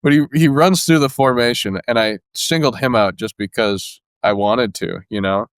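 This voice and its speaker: A man's voice: mid-range voice, moderate pace, clear, resonant tone, no echo, clean studio sound. A man, a former Marine guest on a podcast, swearing freely and laughing through his stories. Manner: profane, laughing, bursts into loud shouted impressions. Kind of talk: casual storytelling.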